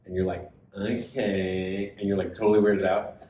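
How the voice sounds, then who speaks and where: A man co-hosting a podcast, retelling a story in casual chat and acting out the other people's lines. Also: moderate pace. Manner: animated retelling, acts out quoted voices. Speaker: podcast co-host. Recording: echoey room with faint rumble.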